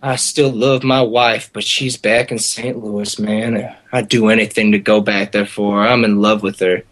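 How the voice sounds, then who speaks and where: A man's voice: high-pitched, big pitch swings, unhurried, breathy edge, exaggerated voice. A man voicing a boastful, drunk middle-aged man who brags and makes threats. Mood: wistful. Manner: bragging, threatening.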